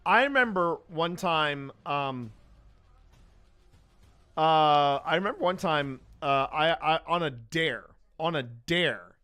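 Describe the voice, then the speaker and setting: A man's voice: fairly high pitch, pushed and bright, clear, resonant tone. Rambling male podcast host. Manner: rambling, with frequent restarts. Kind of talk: casual podcast chat and news reading.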